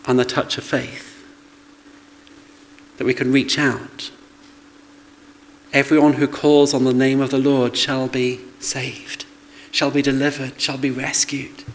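A man's voice: medium pitch, poor audio. A man preaching a sermon in a conversational way, with rhetorical questions and asides to the congregation.

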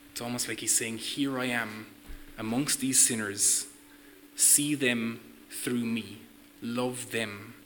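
Male preacher, sermon delivery, bright forceful tone, earnest, faint hiss behind. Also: medium pitch, rough recording. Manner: earnest, questions to the listeners.

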